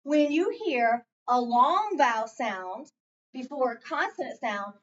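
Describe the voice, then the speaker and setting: A woman's voice: fairly high pitch, expressive, unhurried. A woman teaching a one-on-one phonics lesson, prompting patiently and stretching out her cues, in a school classroom. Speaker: reading teacher. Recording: distant, dull lo-fi recording.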